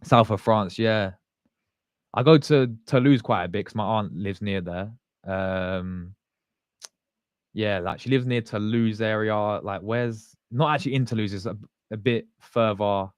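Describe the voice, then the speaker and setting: A man's voice: lowish voice, unhurried, smooth, no echo, clean studio sound. A man, hosting a casual livestream and chatting with viewers in a loose, slangy, rambling way. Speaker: fan channel host.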